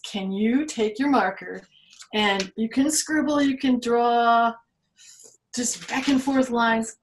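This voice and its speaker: A woman reading a picture book aloud to children and leading a drawing exercise, animated and quick to exclaim and laugh along with the pictures. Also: mid-range voice, slight background noise. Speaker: children's museum storytime reader and art teacher. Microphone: phone or tablet camera. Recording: echoey room sound.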